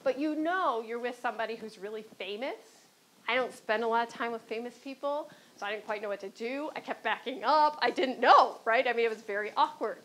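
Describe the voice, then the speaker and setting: A woman's voice: fairly high pitch, a little fast, a bit bright, low-quality recording. A woman from Chicago with a Chicago accent, speaking on a panel as a former court clerk and telling stories, often checking in with "right?". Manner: anecdotal, often adds "right?".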